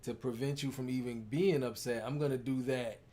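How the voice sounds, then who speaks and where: A man's voice: mid-range voice, steady tone, brisk, warm tone. A man chatting casually and playfully as co-host, telling stories and acting out quotes. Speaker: co-host, partner of the coach. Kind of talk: casual chat.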